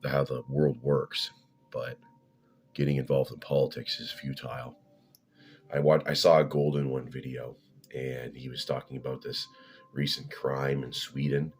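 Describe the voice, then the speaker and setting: Very deep-voiced man ranting casually. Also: a little hiss or hum. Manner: rambling and opinionated, many restarts and profanity. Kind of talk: casual rambling monologue.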